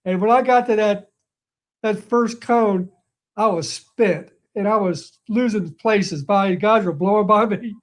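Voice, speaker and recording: A man's voice: high voice, unhurried. An older man, the inductee, reminiscing in a chatty way during his acceptance speech. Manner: chatty, reminiscing, laughs at himself.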